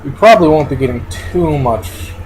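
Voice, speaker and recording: A man's voice: fairly high pitch, normal speed, a little hiss or hum, poor audio. Laid-back man commenting on his game. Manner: relaxed, thinking aloud, talking with his mouth full at times. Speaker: gameplay commentator. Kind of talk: casual gameplay commentary.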